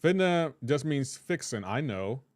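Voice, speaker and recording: Man streaming a game, casual chat, joking, reads chat aloud, dry close mic, mid-pitched voice. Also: sing-song, a little slow, no echo. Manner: chatty and joking, reads out chat names and comments; playful teasing about pronunciation.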